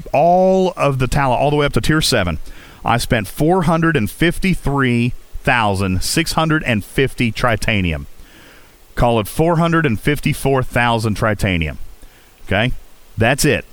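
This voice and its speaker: A man from West Virginia with a faint Appalachian accent, hosting a casual gaming livestream, chatty and reading chat aloud. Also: dry recording. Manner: chatty, reads chat aloud, lively jumps in pitch. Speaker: livestream host.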